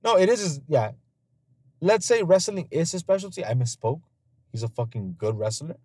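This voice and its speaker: Podcast host, male, dark mellow tone, dry close sound, swears a lot, loose storyteller. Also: on the high side, animated, normal speed, slightly rough, dry recording. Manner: laughs often. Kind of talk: casual podcast chat.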